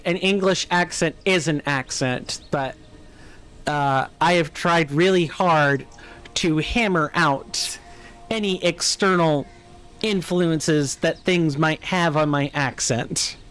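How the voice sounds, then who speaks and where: A let's play streamer from the United States, with a General American accent, chats casually with viewers during a live game, musing and answering chat aloud. His voice is a little high, clear, resonant, and fairly bright, at a measured pace.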